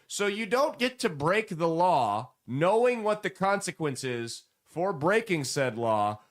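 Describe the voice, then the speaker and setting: Animated sarcastic commentary host. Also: male voice, fairly high pitch, a little slow. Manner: animated, sarcastic, mocking voices when quoting. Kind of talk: political commentary.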